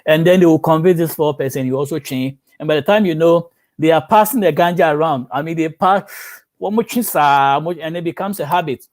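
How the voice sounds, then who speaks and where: Man preaching, higher voice. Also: moderate pace, darkish tone. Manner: storytelling preacher acting out quoted voices. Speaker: pastor. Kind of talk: sermon.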